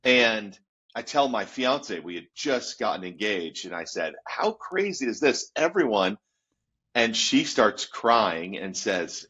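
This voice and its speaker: A husky, fairly low male voice belonging to a youth pastor in his fifties. He tells his story in an animated, casual way and laughs along as he goes. The recording sounds dull and lo-fi. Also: takes it slowly.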